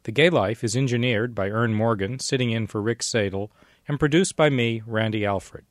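A man's voice: medium pitch, no echo. Radio host man, dry studio voice. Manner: brisk announcer sign-off. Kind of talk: radio talk show hosting.

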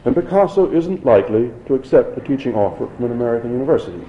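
A man voicing a calm, principled male professor answering questions in a measured, earnest way, in a dull lo-fi recording. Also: medium pitch, echoey room, lightly acted.

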